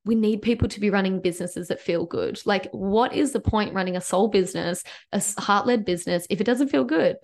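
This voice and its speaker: A woman's voice: medium pitch, fairly quick, vocal fry, few pauses, darkish tone. A woman hosting a solo business podcast, talking casually and encouragingly, with lots of "like" fillers. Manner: chatty, uses "like" often, upbeat and encouraging. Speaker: podcast host and business coach.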